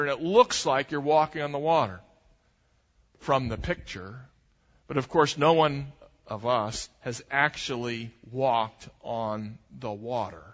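A man preaching a sermon, rising for emphasis and dropping low and slow on key points. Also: a bit bright, big-room sound, dull audio. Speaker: pastor.

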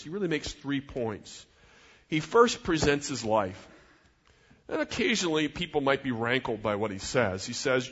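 A man's voice: medium pitch, big pitch swings, normal speed, fairly bright tone, breathy edge. A middle-aged man preaching a sermon as a pastor, in an earnest, conversational way with personal asides. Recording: dull sound in a reverberant hall.

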